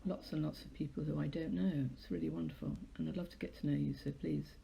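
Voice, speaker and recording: Gravelly, chatty British woman hosting a live stream. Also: low voice, steady tone, fast, mellow, slight background noise. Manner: rambling, chatty, self-deprecating. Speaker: host of a live poetry stream. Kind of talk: casual live-stream chat and poetry reading.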